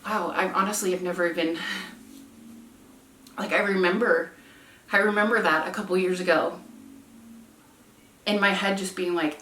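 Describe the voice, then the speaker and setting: A young woman with a fairly low voice talks candidly about her own life, earnest and self-reflective. She sounds set back from the mic, and her voice rings in an echoey room. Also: steady tone, moderate pace, long pauses, a bit bright, far from the mic, a little hiss or hum. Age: 20s. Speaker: vlogger. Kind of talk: candid personal vlog chat. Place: room at home with candles lit.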